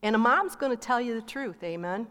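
A woman's voice: a little high, expressive, brisk, a bit bright, clear, resonant tone. A middle-aged woman co-pastor sharing a testimony in a sermon, telling stories and acting out quoted talk. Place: church sanctuary. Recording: long reverb of a large hall.

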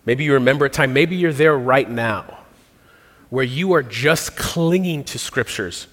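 A man preaching a sermon, earnest and reflective, pausing and restarting as he works through a psalm. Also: medium pitch, a bit bright. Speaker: pastor. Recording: long reverb of a large hall.

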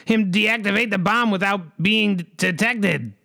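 Sex: man. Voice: high, bright and gravelly. Role: game master for comedy. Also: unhurried, dry recording. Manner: theatrical, repeats a rhyming catchphrase. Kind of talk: narrating an improv comedy game.

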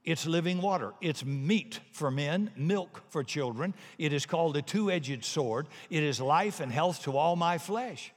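A man's voice: fairly high pitch, unhurried, few pauses. A man preaching a sermon in a folksy, punchy way, telling jokes and little stories. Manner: folksy, punchy, animated storytelling. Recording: long hall reverb.

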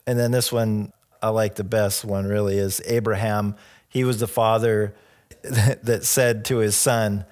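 Middle-aged male pastor, lowish voice, easygoing sermon storyteller who chuckles along. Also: unhurried. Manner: relaxed storytelling with jokes and soft laughs. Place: church.

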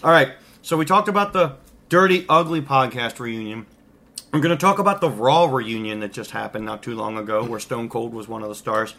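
A man's voice: mid-range voice, fairly quick, bright, forceful tone. A man hosting a casual podcast chat, laughing often, rambling and restarting, at times talking while eating. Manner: laughing, rambling, self-interrupting. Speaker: podcast host.

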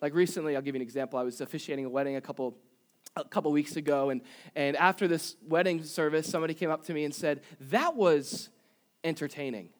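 Pastor guy preaching, pretty high voice, chatty and joking, asks the room questions. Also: fairly even intonation, rapid-fire. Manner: conversational, humorous asides and rhetorical questions. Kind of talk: sermon. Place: church service.

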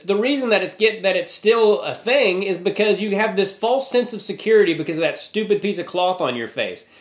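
A man's voice: high-pitched, fairly bright tone. A man on a video call, agreeing and rambling with many restarts. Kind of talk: casual video-call conversation. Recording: roomy, echoey sound.

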